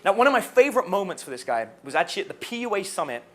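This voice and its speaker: A man, a dating coach, telling stories about a student in an animated way, laughing as he goes. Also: high voice, rapid-fire. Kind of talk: storytelling to camera.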